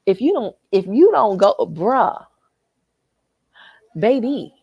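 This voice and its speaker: A Southern woman hosts a live chat, husky and a little raspy, her pitch leaping up and down as she gets worked up. She talks straight to her viewers, and the sound is close and dry. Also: very animated, takes it slowly, no echo, highs cut off. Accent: Southern American. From American South. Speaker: livestream host. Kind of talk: animated live chat reading comments. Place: hotel lobby.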